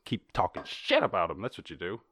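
A man's voice: low-pitched, wildly swooping pitch, brisk, fairly bright tone, no echo, studio quality. A man with an Irish accent hosting a podcast, riffing on news stories in casual, profane commentary with joking asides and sarcastic put-on voices. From Ireland. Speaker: podcast host.

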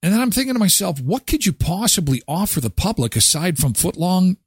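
A man hosts a live morning talk show, joking, laughing and reading ads. His pitch swings up and down freely. The sound is dry and close. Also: big pitch swings, a little fast, slightly rough, no room sound. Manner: jokey, chatty, laughs often. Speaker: host.

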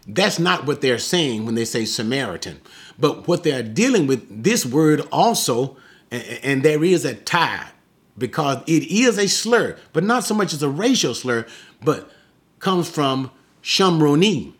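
Animated man preaching with big pitch swings. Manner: animated, emphatic preaching with rhetorical questions; slows down sharply to stress quoted words. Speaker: Bible teacher. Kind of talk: sermon-style Bible teaching.

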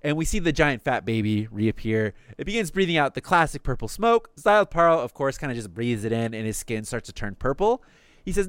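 A man's voice: mid-range voice, very animated, quick pace, fairly bright tone, clean tone, no echo, clean studio sound. A man casually recapping anime episodes on a podcast, cursing freely and slipping into the characters' lines. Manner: swears casually, acts out quotes in passing.

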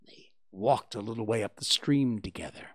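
A man narrating a children's storybook at a gentle pace. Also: lowish voice, moderate pace. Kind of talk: storybook reading.

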